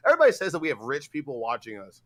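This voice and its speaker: Guy cohosting a stream, swears a lot, gets loud, voice bouncing all over. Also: fairly high pitch, very fast. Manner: loud, profane, excitable. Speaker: livestream co-host. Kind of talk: casual livestream chat.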